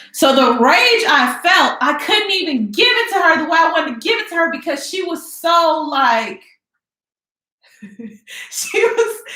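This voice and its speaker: A young woman in her twenties telling a casual storytime, animated and dramatic, full of slangy asides. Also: a little high. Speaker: vlogger. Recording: echoey room.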